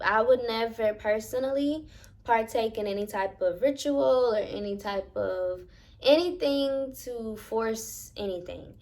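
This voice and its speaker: In a fairly high-pitched voice, a young woman vlogger shares a personal paranormal tale, speaking directly to her audience in an animated, dramatic style and swearing freely.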